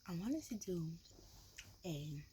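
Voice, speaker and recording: A woman, whispering and talking low in a whispered role-play style, chewing gum close to the mic, with many likes and ums. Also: big pitch swings, takes it slowly, slight background noise. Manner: mixes soft whisper with low talking, filler-heavy. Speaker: ASMR vlogger. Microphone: close ASMR mic, gum chewing.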